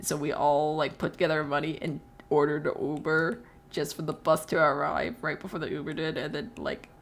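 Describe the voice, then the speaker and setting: A young adult woman chats casually on stream as she draws, her voice sitting a little low. She tells lively anecdotes, acts out what people said, laughs often and swears freely. A faint hum runs underneath. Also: fairly quick. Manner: animated storytelling with voiced quotes. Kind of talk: casual chat while drawing on stream.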